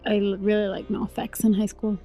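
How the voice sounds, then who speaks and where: A woman's voice: medium pitch, level tone, a little fast, warm tone, soft background music. A woman co-hosting a casual podcast, dry and teasing, playing along with her co-host's jokes. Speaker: podcast co-host. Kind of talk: casual chat.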